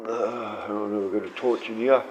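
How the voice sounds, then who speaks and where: A man's voice: on the low side, fairly even intonation, moderate pace. A blunt Australian man in his sixties, chatting loosely on a live stream, reading comments and talking to his dogs. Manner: blunt, rambling, reads chat aloud and talks to his dogs. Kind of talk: casual live-stream chat. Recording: dull lo-fi stream audio with faint noise.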